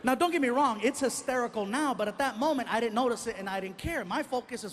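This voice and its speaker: A male stand-up comedian telling a story in an animated way and acting out each exchange. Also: very high voice, fast, a little hiss or hum. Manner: animated, acts out every exchange.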